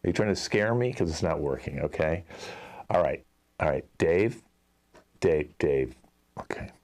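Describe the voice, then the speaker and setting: A man's voice: a bass voice, expressive, unhurried, a little mellow. A man hosting a live improv show, playing an exasperated commercial director who talks at length with many fillers. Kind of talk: improv comedy scene.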